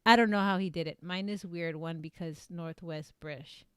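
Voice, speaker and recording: A woman's voice: on the low side, moderate pace, a bit bright, clean tone, dry recording, studio quality. A woman voice actress chatting casually on a livestream, rambling with lots of fillers and self-corrections. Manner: reads viewer comments aloud. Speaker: streamer and voice actress.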